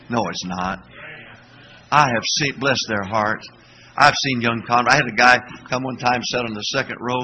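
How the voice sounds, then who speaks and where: An older man preaching a sermon as pastor, asking the congregation to call back answers and breaking into shouts. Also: mid-range voice, moderate pace, slight background noise, low-quality recording. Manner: animated preaching with call-and-response questions; sudden shouting bursts.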